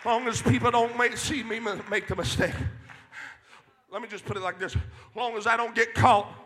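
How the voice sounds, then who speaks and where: Man preacher, very high voice, bright and tense, fiery youth sermon, shouts then drops to a hush. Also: fairly even intonation, normal speed, a faint crowd. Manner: swings from loud to hushed.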